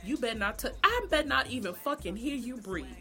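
A woman voicing a strict mother who gives her child a hushed, stern warning. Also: a little high, expressive, fast talker, faint music behind.

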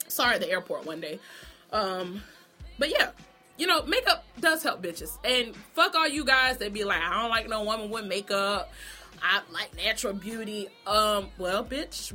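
A woman's voice: a little high, bright, forceful tone. A woman vlogger giving a blunt, profane, sassy opinion monologue about a TV show, laughing often.

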